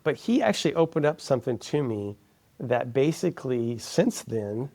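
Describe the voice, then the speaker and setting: A man with a gravelly, slightly rough voice telling a story in a relaxed interview. His pitch sits in the middle range. He talks with animation, and he goes soft and hushed when he quotes someone else. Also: normal speed. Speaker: guest.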